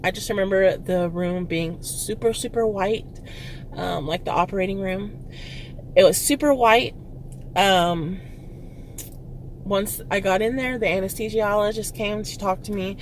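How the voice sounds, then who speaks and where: A young woman from Texas, a vlogger, telling a personal story with halting fillers and nervous laughs, close to tears. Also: medium pitch, a little hiss or hum. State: tearful, close to crying.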